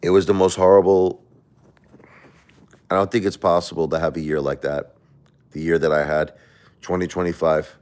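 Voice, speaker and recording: A middle-aged livestream host speaks in a low-pitched, clear, resonant voice that's a little mellow, with a flat delivery, moderate pace and frequent pauses. Emotional and defensive toward viewers, he rambles, repeating words and restarting.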